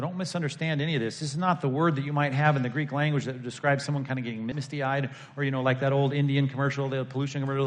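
A male pastor preaching a sermon, talking conversationally with the congregation and moving between emphatic peaks and hushed lines. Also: medium pitch.

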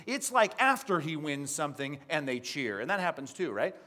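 A male pastor preaching a sermon, lively and teaching, often putting questions to the congregation. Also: fairly high pitch, normal speed.

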